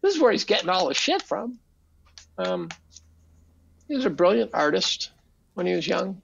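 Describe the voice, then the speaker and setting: A man's voice: high voice, moderate pace, gravelly, highs cut off, a little hiss or hum. An older man, a podcast guest, telling casual stories, swearing freely and acting out quotes. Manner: animated, profane, acts out quotes. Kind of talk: casual storytelling.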